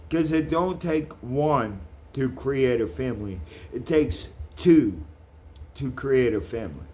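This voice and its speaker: A man's voice: medium pitch, a little mellow. A man ranting to camera in a vlog, calling out people by name, with blunt, profane talk. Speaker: vlogger.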